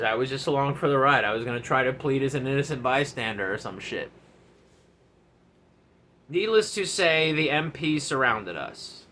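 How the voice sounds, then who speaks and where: A man, a former enlisted soldier, telling a story from his service days in a casual, animated, profane way. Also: mid-range voice.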